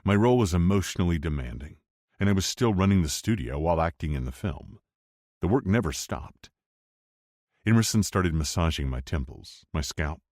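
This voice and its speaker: A man narrating a romance audiobook in the first person, with expressive storytelling. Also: low voice, moderate pace, no room sound, clean studio sound. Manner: expressive storytelling, wide swings for dialogue.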